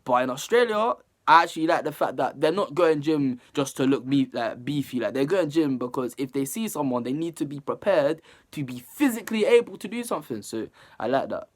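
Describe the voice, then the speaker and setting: A young man with talks through a music video as he reacts to it. His pitch leaps around, and he picks apart each line in a chatty, animated way, sometimes breaking into loud laughter. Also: a little fast. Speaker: music reaction channel host. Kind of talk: casual reaction commentary.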